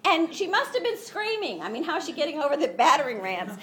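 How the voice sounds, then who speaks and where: Female preacher, high and very animated, storytelling sermon with acted voices. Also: fast. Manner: animated storytelling, acts out voices, laughs often.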